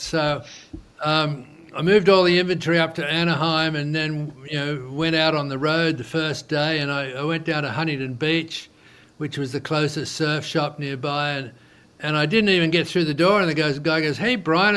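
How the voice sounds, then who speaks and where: His voice is a little high and clean in tone, moving at a moderate pace. Interviewed as an entrepreneur, he tells his business story casually with many fillers, playing out quoted dialogue with animation.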